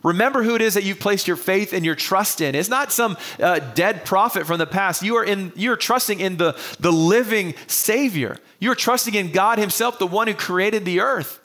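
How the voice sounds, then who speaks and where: A man's voice: sits high, moderate pace, few pauses, sharp tone. A male pastor preaching a sermon to an online congregation, earnest and repeating key phrases for emphasis.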